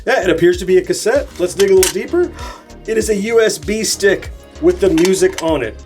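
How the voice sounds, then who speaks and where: A man's voice: sits high, animated, a little fast. Chatty man unboxing with enthusiasm. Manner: chatty, enthusiastic, thinking aloud. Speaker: host of a nostalgia channel. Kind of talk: casual unboxing narration. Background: soft background music.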